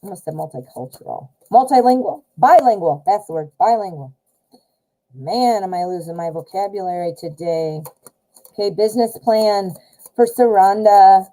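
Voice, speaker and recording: A woman's voice: mid-range voice, normal speed, dark tone, rough recording. An American woman hosting a casual live tarot stream, chatty with lots of fillers and self-corrections.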